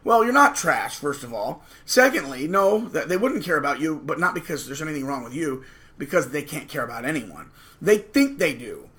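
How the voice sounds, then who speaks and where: In a ranting monologue to camera, a man who runs his own channel sounds pushed and bright, fairly high-pitched and very animated at normal speed. He's emphatic and sarcastic, acting out the voices he quotes.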